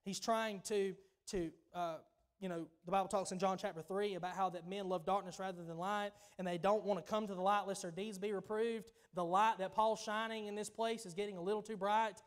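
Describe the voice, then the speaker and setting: High-voiced Southern pastor preaching emphatically. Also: male voice, steady tone, moderate pace. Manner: emphatic, conversational preaching with repetitions. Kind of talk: sermon. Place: church.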